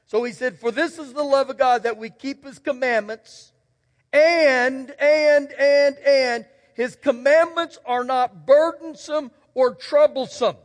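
A man's voice: very high voice, fairly even intonation, slow pace. A man preaching a sermon as pastor, folksy and emphatic, telling stories and repeating key words. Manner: folksy, storytelling, emphatic repetition. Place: church sanctuary. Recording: long church hall reverb.

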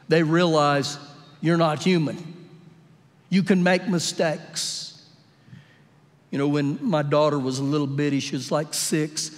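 A male pastor preaching a sermon during a live church service, telling animated, humorous stories and acting out the voices in them. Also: on the high side. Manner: animated storytelling, acts out quotes with humor. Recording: live church audio with long hall reverb.

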